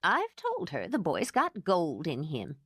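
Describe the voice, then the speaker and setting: A woman voicing a calm, sensible cook who speaks in a soothing, matter-of-fact way. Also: on the low side, a little slow, slightly rough, no echo, clean studio sound, heavily acted.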